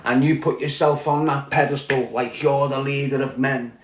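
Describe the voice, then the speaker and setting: A man with a Liverpool accent delivering a heated, profane solo rant as a podcast host, growing louder as he goes. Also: medium pitch, steady tone, moderate pace, reverberant, a little hiss or hum. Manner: heated, sweary, rising to shouting. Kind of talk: angry monologue rant.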